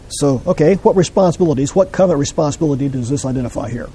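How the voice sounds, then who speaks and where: Husky, mellow male Bible teacher; measured, explanatory delivery to a class. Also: on the high side, rough recording.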